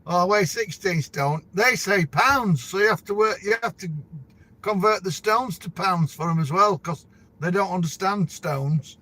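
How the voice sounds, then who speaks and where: A man's voice: high voice, unhurried, sharp tone. A middle-aged man with a Yorkshire accent, a truck driver talking casually to camera in a rambling, chatty way. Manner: rambling, chatty, laughs between stories.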